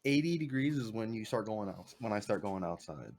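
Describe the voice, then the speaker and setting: Male voice-chat guest, lowish pitch, loud and grumbling. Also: lively intonation, fairly quick. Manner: loud, complaining, repetitive. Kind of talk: casual chat.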